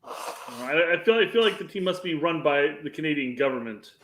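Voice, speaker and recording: A man co-hosting a casual soccer podcast, talking in halting bursts and repeating words. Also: on the high side, animated, a bit bright, slight background noise. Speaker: podcast co-host. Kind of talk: casual sports chat. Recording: echoey room.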